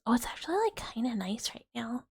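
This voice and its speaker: A young woman streaming as an ASMR host, chatting with viewers in a soft whispered role-play and rambling with fillers on a close microphone. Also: a little high, big pitch swings, brisk, gravelly, breathy edge, dry recording. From United States. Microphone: close sensitive ASMR microphone. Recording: loud hiss under the whisper.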